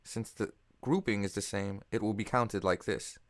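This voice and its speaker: A man with a fairly low voice narrates a music theory lesson. He keeps a steady, measured delivery and counts beats evenly. The voice-over is dry and close to the mic. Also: no echo. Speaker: music teacher.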